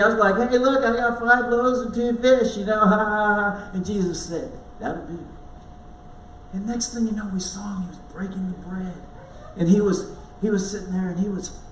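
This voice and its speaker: High-voiced man acting out a Bible story. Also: slight background noise. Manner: halting, repeats words while storytelling. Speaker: church speaker. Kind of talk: dramatic first-person Bible monologue. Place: church sanctuary. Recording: echoey room, voice from far off.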